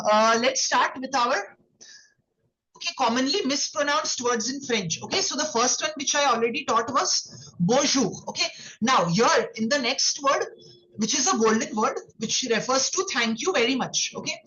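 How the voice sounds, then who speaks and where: A woman with a high voice leads an online lesson, explaining patiently and checking in with "okay?" after almost every phrase. Her voice arrives through dull, lo-fi call audio. She calls on students one by one. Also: expressive, moderate pace, sharp tone, a little hiss or hum. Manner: explains patiently, with many "okay"s and tag questions. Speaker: French teacher. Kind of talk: online classroom instruction.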